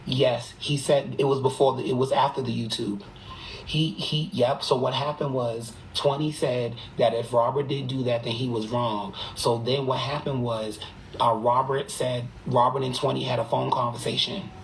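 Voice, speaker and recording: A live streamer chats into a phone from a room at home, rattling off gossip in a quick, emphatic and profane way. The pitch sits in a middling range for the speaker. A faint hiss hangs behind the voice. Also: steady tone, low-quality recording. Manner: rapid, emphatic and profane, hushed at times. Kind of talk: gossipy livestream chat.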